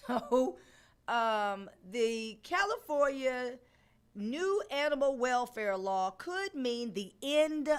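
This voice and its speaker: A middle-aged woman hosting her own radio show, talking casually with joking, animated asides. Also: fairly high pitch. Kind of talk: casual solo commentary.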